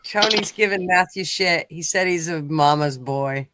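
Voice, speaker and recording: A woman's voice: lowish voice, a little slow, a bit bright, a little hiss or hum. A woman in casual chat, teasing bluntly and swearing freely.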